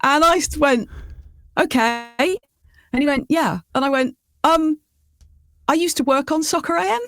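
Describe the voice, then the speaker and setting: A woman co-hosting a podcast, telling anecdotes in a lively, chatty way and acting out what people said. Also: high voice, a little slow, no room sound, clean studio sound. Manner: storytelling, animated retelling with voices. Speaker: podcast co-host. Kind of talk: casual chat.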